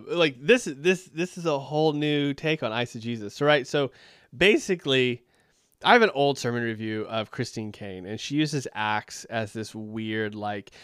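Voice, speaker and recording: A man's voice: mid-range voice, a bit bright, no room sound. Sarcastic man reviewing a sermon, dry. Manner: sarcastic, incredulous, rambling. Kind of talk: critical commentary.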